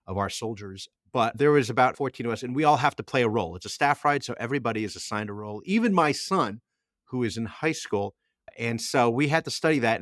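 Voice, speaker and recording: A man's voice: medium pitch, a bit bright, dry recording. Man, middle-aged, podcast co-host, mid-range voice, dry close mic, rambling with restarts. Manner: rambling storyteller with frequent restarts. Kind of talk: casual podcast chat.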